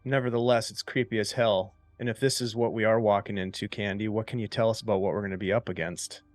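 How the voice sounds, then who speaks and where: A man's voice: fairly low pitch, fairly even intonation, fast, no room sound, soft background music. A man playing in a tabletop role-playing game, speaking partly in character with a wry, questioning manner. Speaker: player.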